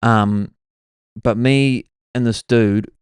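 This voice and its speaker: A man's voice: mid-range voice, fairly even intonation, very slow, smooth, no room sound, studio quality. A man, hosting his own podcast and rambling through stories in a casual way, full of "like" and "bro". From New Zealand. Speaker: podcast host. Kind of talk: casual solo storytelling.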